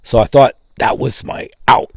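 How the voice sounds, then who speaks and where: A man's voice: animated, slow, creaky, husky, no room sound. A man casually recounting a personal testimony in a conversational, storytelling way. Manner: conversational, acts out quoted dialogue with pitch jumps. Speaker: testimony speaker.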